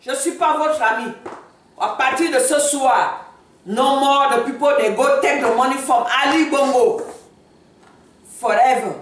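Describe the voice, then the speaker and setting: A high-pitched woman with a Gabonese accent speaks in a fervent, pleading way, her voice rising into shouts. She sounds set back from the microphone in a very echoey room. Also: normal speed, pauses often, slight background noise. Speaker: political activist. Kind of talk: impassioned video statement. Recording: very echoey room, voice far from mic.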